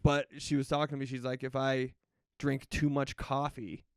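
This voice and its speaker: Smooth-voiced man rambling profanely. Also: mid-range voice, level tone, moderate pace, no echo, clean studio sound. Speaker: podcast co-host. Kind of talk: casual comedic banter.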